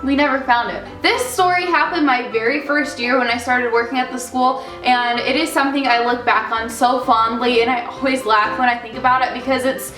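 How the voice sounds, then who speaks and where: A young woman with a high voice tells a chatty, animated story in a casual vlog and acts out the people in it. She sounds echoey and a little far from the mic, with faint music behind her. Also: fairly quick, few pauses. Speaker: vlogger, daycare worker.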